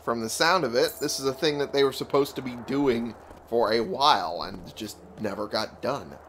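A man's voice: mid-range voice, normal speed, a bit bright. A man giving casual, grumbling gameplay commentary, sleepy and yawning now and then, swearing at the game. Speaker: let's play gamer. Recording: clear background noise.

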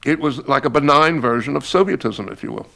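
Gravelly older American man reflecting. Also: mid-range voice, bright, forceful tone. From United States. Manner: gravelly, measured, stopping to restart. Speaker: novelist being interviewed. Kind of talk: reflective documentary interview.

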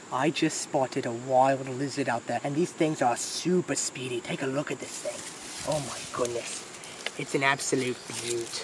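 A woman putting on a put-on Australian accent to play a bumbling, excitable wildlife adventurer in a comic parody, stumbling over words outdoors in the woods. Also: mid-range voice, a little hiss or hum, close to an everyday voice.

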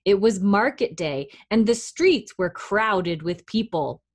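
A woman children's librarian reading a picture book aloud at storytime, gentle and encouraging toward young children. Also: medium pitch, expressive, slow pace.

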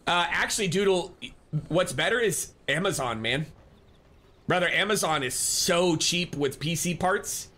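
Bright-voiced male streamer chatting with viewers. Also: fairly high pitch, animated, a little slow. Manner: rambling, restarts often, reads chat aloud; friendly, thanks viewers. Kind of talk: casual live-stream chat.

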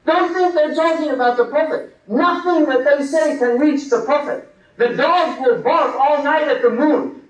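A man giving an impassioned sermon full of rhetorical questions. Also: very high-pitched. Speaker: religious lecturer. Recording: echoey hall, distant mic.

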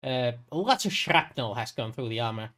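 A man running a tabletop game as game master, narrating with hesitant pauses and fillers. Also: mid-range voice, lively intonation, sharp tone.

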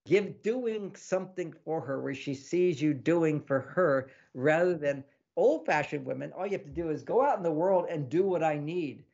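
Man, relationship author, interview guest, gravelly fry, fairly high pitch, animated, acts out quotes, muffled lo-fi sound. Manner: animated, acts out little quoted exchanges and laughs often. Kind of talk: casual advice talk in an interview.

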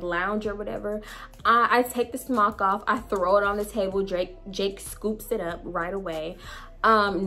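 Young woman vlogger, animated and profane storyteller, faint music bed. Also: medium pitch. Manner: blunt, profane, animated retelling. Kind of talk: storytime vlog.

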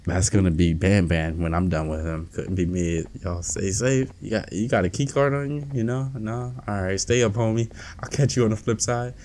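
Gaming streamer man, low voice, excitable running commentary. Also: moderate pace, few pauses, slight background noise. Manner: excitable, talks to his in-game companion, trash-talks. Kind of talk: let's play commentary.

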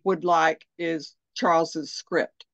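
A woman's voice: deep voice, fairly even intonation, slow, vocal fry, a little hiss or hum. Southern lady agent, chatty and self-deprecating, lo-fi muffled sound. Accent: Southern American. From American South. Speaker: real estate agent. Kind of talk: casual conversation. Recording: dull, dry lo-fi audio.

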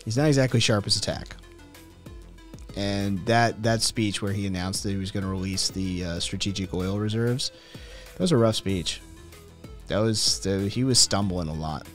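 A man's voice: fairly low pitch, moderate pace, faint music behind. A man hosting a casual podcast stream, rambling, swearing freely and answering chat as he talks. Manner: profane, rambling, reacting to chat. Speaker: podcast host.

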